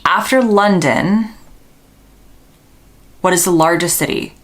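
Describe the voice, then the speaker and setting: A young American woman vlogger answers quiz questions, casually thinking aloud and second-guessing herself. Her voice is lowish and she takes it slowly.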